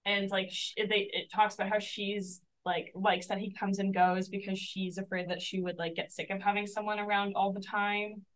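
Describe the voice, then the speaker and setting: A young woman explains a novel's plot on a casual podcast, earnest and careful. Her voice sits in a middle pitch range. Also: flat delivery, moderate pace, few pauses, a bit bright, low-quality recording. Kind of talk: casual book-podcast chat.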